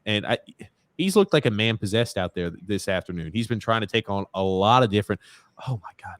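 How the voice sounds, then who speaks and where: A man co-hosting a live hockey watchalong podcast, excitably reacting to plays and reading out viewer comments. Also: lowish voice, a little fast, no room sound. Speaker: podcast co-host.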